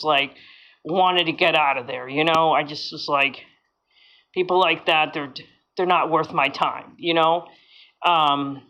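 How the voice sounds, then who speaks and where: A woman's voice: lowish voice, fairly bright tone. A woman vlogging casually from a hotel room, rambling with many fillers and sounding frustrated. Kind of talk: casual vlog monologue. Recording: dull lo-fi sound.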